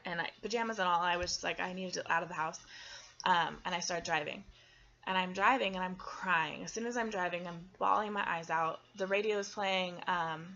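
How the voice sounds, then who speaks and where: Young woman, personal testimony, earnest and halting, bright forceful tone, muffled lo-fi recording. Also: fairly low pitch, creaky. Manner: earnest, halting, with frequent ums and restarts. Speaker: testimony speaker.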